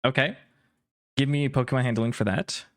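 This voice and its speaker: A man narrating as game master, describing scenes with an animated, descriptive storytelling manner. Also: medium pitch, moderate pace, background noise. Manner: descriptive, lively storytelling with many ums.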